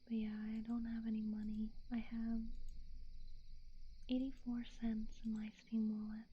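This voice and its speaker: A woman talking in a soft whisper, rambling and thinking out loud in a casual whispered chat, recorded on a binaural dummy-head mic. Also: fairly high pitch, completely flat delivery, a little slow, lo-fi sound, slight background noise. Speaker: ASMR streamer.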